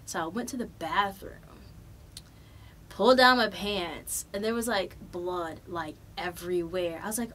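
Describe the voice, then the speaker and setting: A young adult woman hosting a podcast, telling a travel story in a loose, animated way with plenty of swearing. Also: on the low side, a little slow, slight background noise. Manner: profane, animated, loose and chatty. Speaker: podcast host. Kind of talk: casual storytelling.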